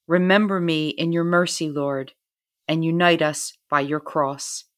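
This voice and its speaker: A woman reading a psalm aloud in a slow, mournful, solemn way. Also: low-pitched, fairly even intonation, fairly bright tone. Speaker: liturgy reader.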